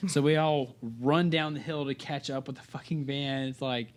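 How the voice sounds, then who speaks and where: At medium pitch and a moderate pace, with a steady tone, a young band singer tells a story as a podcast guest in casual conversation. He rambles, swears a lot, and cuts himself off mid-thought.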